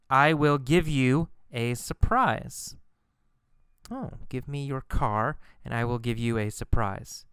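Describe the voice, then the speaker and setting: Male ESL teacher, slow deliberate delivery, bright clear tone, repeats key phrases. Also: medium pitch, dry recording, studio quality. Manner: repeats phrases and lifts his voice when quoting characters. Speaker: English teacher. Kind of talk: slow explanatory ESL lesson.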